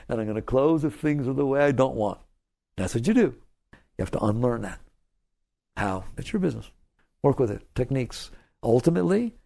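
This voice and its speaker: A man's voice: medium pitch, gravelly, a little mellow. A man giving a spiritual talk to an audience. He speaks emphatically, repeats his key phrases and puts questions to the listeners. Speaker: spiritual teacher.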